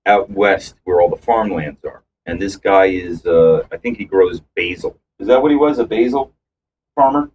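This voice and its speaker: A man's voice: low voice, big pitch swings, normal speed, distant mic, lo-fi sound, slight background noise. A man co-hosting a casual podcast, telling long rambling anecdotes with restarts and acted-out quotes. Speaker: podcast co-host. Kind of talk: casual storytelling chat.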